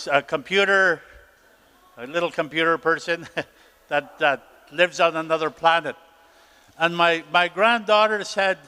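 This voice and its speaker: A man's voice: on the high side, sharp tone, clean tone. An older man, a councillor, giving an encouraging speech at a conference and telling stories in a folksy way. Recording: reverberant hall.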